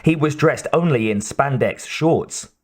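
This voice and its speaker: Slow, measured male audiobook narrator. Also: medium pitch. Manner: measured, steady. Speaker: audiobook reader.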